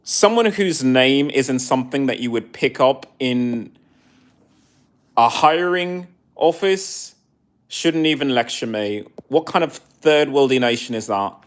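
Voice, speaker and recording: A man's voice: mid-range voice, measured pace. A man in his forties with an English accent, talking on a live stream and answering chat comments in a snarky, haughty way. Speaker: livestreamer.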